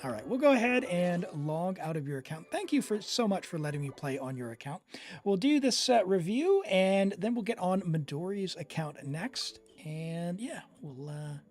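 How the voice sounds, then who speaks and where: A fairly high-voiced man streaming gameplay, excitable and chatty as he talks to his characters. His pitch jumps around constantly. Faint game music runs underneath. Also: normal speed. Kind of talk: live gameplay commentary.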